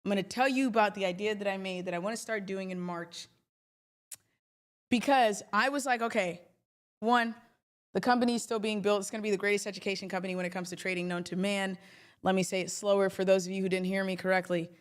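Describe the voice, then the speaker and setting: Young woman on a live stream, chatty and emphatic, mid-pitched, talks straight to her viewers. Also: fairly even intonation, quick pace. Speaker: trading livestream host. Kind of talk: casual livestream talk.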